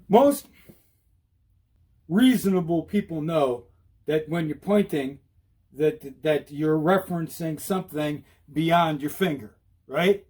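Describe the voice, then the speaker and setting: Man, high husky voice, winded, lively instructional talk, outdoors on a bike. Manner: animated, repetitive, demonstrative. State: out of breath. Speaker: e-bike vlogger.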